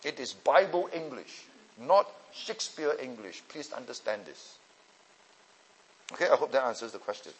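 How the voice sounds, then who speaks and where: He has a mid-range, husky voice with lively intonation and talks at a normal speed. As a pastor and Bible teacher, he takes student questions in a teaching session, explaining points and checking often that his listeners understand. The sound has a long hall reverb.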